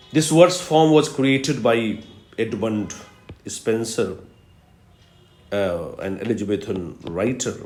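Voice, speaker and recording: A man giving a recorded literature lecture, explaining patiently and repeating key terms slowly for emphasis. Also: on the low side, darkish tone. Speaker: literature professor. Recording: roomy echo.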